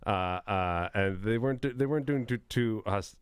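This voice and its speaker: A man chatting on a podcast, laughing often and tossing in relaxed asides. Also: medium pitch, moderate pace, clear, resonant tone. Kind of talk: casual chat.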